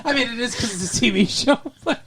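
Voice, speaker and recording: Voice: mid-range voice, fast talker, fairly bright tone. A podcast co-host recapping a TV episode in sarcastic, jokey casual chat, prone to silly voices.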